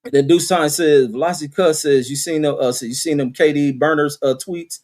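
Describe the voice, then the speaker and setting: A man hosts his own livestream in loose, casual commentary, reading the chat aloud and answering with profane jokes and bursts of laughter. His voice is fairly high and a little dark, with a steady tone and a slightly fast pace.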